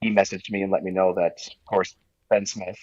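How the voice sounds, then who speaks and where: A man in his forties from Nova Scotia, a podcast guest telling his story in an easygoing, halting way with many restarts. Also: deep voice, little pitch movement, a little mellow, dry recording, highs cut off. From Nova Scotia, Canada. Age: 40s. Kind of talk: casual interview.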